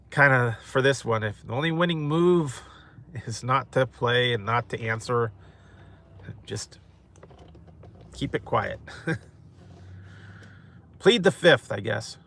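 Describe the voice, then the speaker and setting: Guy rambling at his live chat, bright sharp voice, laughs a lot. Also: mid-range voice, lively intonation, slow, pauses often. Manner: rambling, chuckling often. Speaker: mukbang host. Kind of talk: casual chat to live viewers.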